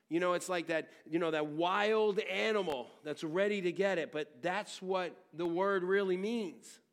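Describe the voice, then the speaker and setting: A middle-aged man preaching a sermon. He swings from loud, emphatic teaching to hushed, personal storytelling, and speaks frankly with many restarts. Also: a little high. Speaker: pastor.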